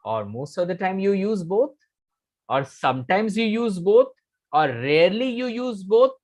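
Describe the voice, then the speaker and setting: A man with an Indian English accent leads a live online English lesson as a communication coach. He talks slowly, with a lively voice that swings up and down. He stresses and repeats key phrases and keeps quizzing his students. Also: high voice.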